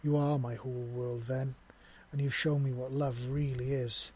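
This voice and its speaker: A man voicing a devoted, affectionate young human man, talking softly in a husky voice. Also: medium pitch, level tone, moderate pace, close to an everyday voice. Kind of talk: audio story reading.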